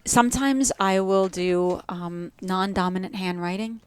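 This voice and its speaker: A woman's voice: mid-range voice, a little slow, clean tone, no room sound. A woman with a New Jersey accent, a yoga teacher in a podcast conversation, speaking earnestly and stacking short repeated phrases.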